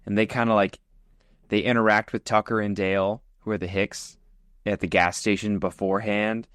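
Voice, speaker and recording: A man co-hosting a podcast, telling a story with lively, acted-out energy. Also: on the low side, normal speed, smooth, no echo, clean studio sound. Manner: animated storyteller, acts out scenes. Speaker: podcast co-host. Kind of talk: casual podcast chat.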